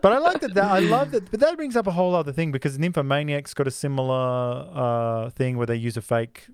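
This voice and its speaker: Animated man acting out silly voices. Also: fairly high pitch, a little fast, clean tone, no echo, clean studio sound. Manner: animated, acts out voices of people in his stories. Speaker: podcast co-host. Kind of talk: casual film discussion.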